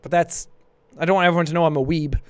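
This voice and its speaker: A man hosting a casual livestream, chatting in a jokey, excitable way, with bursts of shouting and laughter. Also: fairly high pitch, quick pace, smooth, no room sound, clean studio sound. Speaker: livestream host. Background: faint background music.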